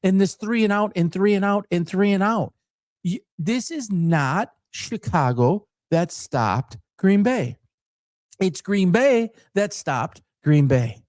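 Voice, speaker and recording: Fired-up man with lively pitch. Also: slow, no echo, studio quality. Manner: emphatic and repetitive, building rhetorical lists; passionate, fired-up. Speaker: sports talk host; former coach. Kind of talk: opinionated sports commentary.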